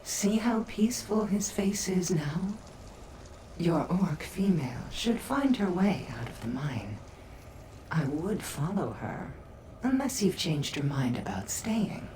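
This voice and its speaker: Low, slow, coaxing game Daedra, whispered role-play, noisy track. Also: female voice, sing-song, warm tone. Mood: calm menace. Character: soothing sinister female Daedra spirit, adult.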